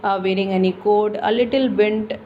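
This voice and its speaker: A woman explaining a literature lesson, halting with many fillers and restarts. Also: mid-range voice, steady tone. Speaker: teacher. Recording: dull lo-fi with faint noise.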